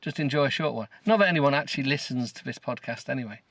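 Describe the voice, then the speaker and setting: A man's voice: mid-range voice, quick pace, a bit bright, no room sound. A middle-aged man hosting a podcast, reading a novel aloud with sarcasm, swearing and stumbling over words. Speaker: podcast host. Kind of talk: mocking comedic reading of a novel.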